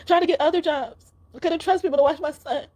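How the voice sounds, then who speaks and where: A young woman with a fairly high voice gives a casual spiritual card reading. She speaks in an earnest, emotional way and often pleads with her viewers. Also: quick pace, darkish tone.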